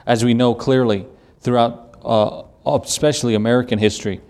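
A man's voice: mid-range voice, little pitch movement, normal speed, darkish tone. A middle-aged man, a pastor, preaching a sermon, telling folksy stories, reading Scripture aloud and repeating key phrases for emphasis.

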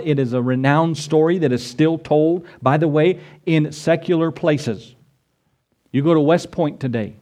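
A man preaching a sermon, reading scripture aloud and acting out biblical scenes in a conversational, emphatic way. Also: a little high. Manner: emphatic, animated preaching with conversational asides and dramatized quotes.

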